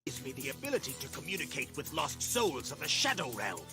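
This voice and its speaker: Brief: a menacing cartoon dub villain, gravelly, sly and gloating, with score under the lines. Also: male voice, medium pitch, very animated, brisk. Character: menacing male villain taunting a young rival. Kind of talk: 1990s cartoon dub acting. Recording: cartoon clip with music behind.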